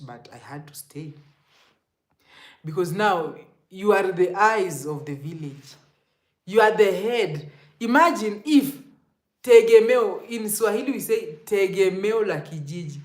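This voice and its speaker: A young Kenyan woman with a Kenyan accent telling stories to camera in an animated way, laughing and dropping to hushed asides. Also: medium pitch. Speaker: vlogger. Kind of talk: casual storytelling to camera. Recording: echoey room.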